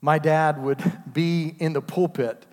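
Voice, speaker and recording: A man's voice: on the high side, steady tone, slow pace, darkish tone. A man, preaching a sermon with call-and-response asides. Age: 50s. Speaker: pastor. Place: church sanctuary. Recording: long hall reverb.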